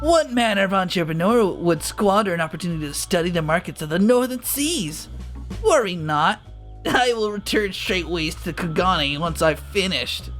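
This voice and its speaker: A man voicing a shrewd, calm male merchant in a game, reading in a measured, businesslike way. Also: sits high, faint music behind. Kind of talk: reading game dialogue aloud.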